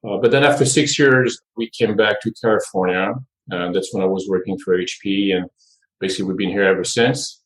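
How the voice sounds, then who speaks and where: French-accented man, low voice. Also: fairly quick, low-quality recording. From France. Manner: relaxed storytelling, light humor. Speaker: board chair guest. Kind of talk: conversational podcast interview.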